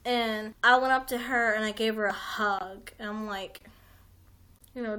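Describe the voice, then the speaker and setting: Young woman streamer, fairly high voice, loose rambling delivery with lots of "like" and restarts. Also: steady tone, moderate pace, fairly bright tone. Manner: rambling, heavy use of "like", frequent restarts, swears. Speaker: livestream host. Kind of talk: casual rambling chat.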